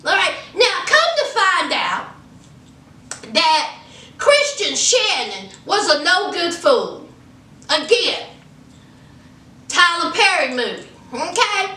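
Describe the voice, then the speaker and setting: Sassy high-voiced woman recapping a movie. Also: sharp tone, echoey room, distant mic. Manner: sassy, chatty storytelling with frequent asides. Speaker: movie reviewer. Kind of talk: casual movie plot recap.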